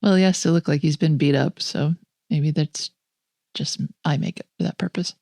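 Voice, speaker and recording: A woman's voice: deep voice, steady tone, moderate pace, gravelly, darkish tone, no room sound, clean studio sound. A woman co-hosting a film podcast, talking in an enthusiastic, opinionated way and laughing often. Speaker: podcast co-host. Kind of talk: casual film review chat.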